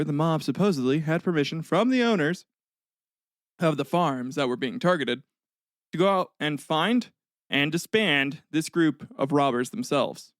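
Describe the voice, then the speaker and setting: A man hosting a casual history podcast, telling the story in a jokey, blunt way with some swearing, frequent fillers and throat clearing. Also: a little high, no echo, clean studio sound. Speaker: podcast host.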